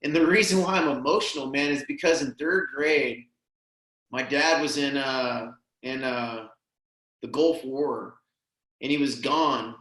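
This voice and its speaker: Guy on a podcast telling a story from the heart, earnest, mid-pitched voice, kinda echoey room. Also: measured pace, fairly bright tone. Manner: earnest, emotional, peppered with "man" and "dude". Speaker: podcast guest. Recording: roomy echo.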